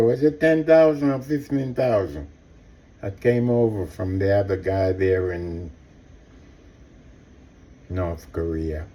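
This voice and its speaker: A man delivers an impassioned personal monologue at an unhurried pace, his voice mellow and dark. He circles back on his points and calls out directly to his listeners. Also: medium pitch. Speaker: commentator.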